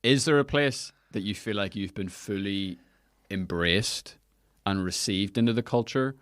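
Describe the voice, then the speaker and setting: Give me a man hosting a podcast, candid and chatty, with a lowish, forceful voice. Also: unhurried, dry recording, clean studio sound. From Northern Ireland. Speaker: podcast host. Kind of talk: casual interview chat.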